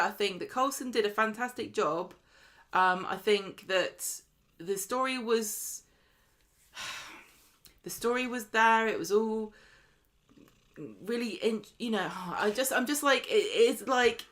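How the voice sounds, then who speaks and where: A woman, co-hosting a podcast in casual chat, animated and argumentative, often laughing. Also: medium pitch. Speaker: podcast co-host.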